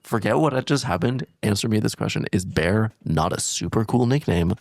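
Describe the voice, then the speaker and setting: Dick is a nosy, literal-minded investigator who takes everything at face value and keeps pressing with questions. The voice is low and gravelly, recorded dry and close, the sound of a comedy podcast. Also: male voice, animated, fairly quick, a little mellow, no room sound. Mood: indignant. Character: awkward, nosy man sleuth, socially clueless. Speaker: podcast host in character. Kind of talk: improvised comedy role-play.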